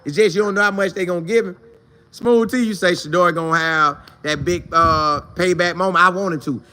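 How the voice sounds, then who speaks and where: A man hosting a sports talk show, chatting casually and answering viewer comments in a slangy, repetitive, animated way. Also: sits high, a little fast.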